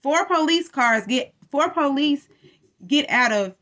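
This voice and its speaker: A woman's voice: sits high, animated, takes it slowly, a bit bright. A woman casually recapping a TV episode in a chatty storytelling way, acting out the characters' lines as she goes.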